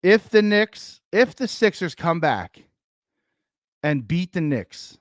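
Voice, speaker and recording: A man's voice: on the high side, slow, dry recording, clean studio sound. A man with a Philadelphia accent co-hosting a sports podcast, talking emphatically and swearing a lot in casual chat over a remote call. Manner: animated, profane, emphatic. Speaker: podcast co-host.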